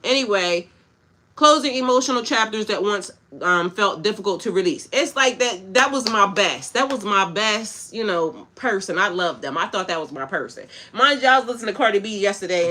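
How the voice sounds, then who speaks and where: A woman hosts a spiritual reading stream, talking bluntly and casually to her viewers. Her voice has a bright, sharp edge, and she mixes slang with pep-talk advice. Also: medium pitch, animated, fairly quick. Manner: casual, blunt, slangy, talks back to chat. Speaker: spiritual coach. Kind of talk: livestream tarot-style reading with chat.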